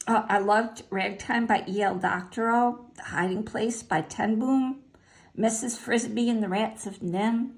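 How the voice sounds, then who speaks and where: An older woman talking casually, listing her favorite books in an unhurried way with fillers and short asides. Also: medium pitch, creaky. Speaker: vlogger sharing favorite books. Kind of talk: casual spoken list.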